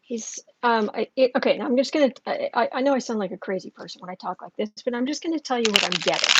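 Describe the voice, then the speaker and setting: A woman hosting a casual psychic tarot livestream at home, chatting with viewers and pausing often with fillers. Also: fairly high pitch, slight background noise. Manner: chatty, answers viewers' chat, halting with fillers. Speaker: tarot reader and livestream host. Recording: dull lo-fi stream audio.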